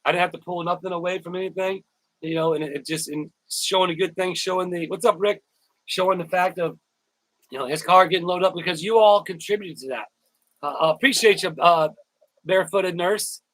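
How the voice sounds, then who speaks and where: A man's voice: high voice, steady tone, brisk, fairly bright tone, no echo, rough recording. A man hosting a casual live stream, rambling, repeating words and thanking viewers by name. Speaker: YouTuber live-stream host.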